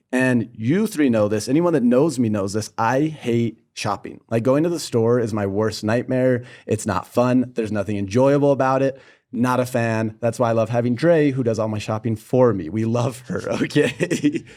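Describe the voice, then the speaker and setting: A young man talking on a podcast at an ordinary pitch, sharing a childhood story with lots of animation. He acts out the people in it and speaks in a relaxed, conversational way. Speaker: podcast co-host. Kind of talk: casual podcast chat, personal storytelling.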